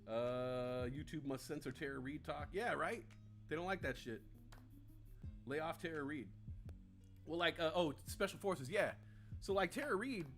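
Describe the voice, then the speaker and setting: A man in his forties with a mid-range, fairly bright voice hosts a live stream. He chats casually, swears freely, and rambles his way through viewer comments.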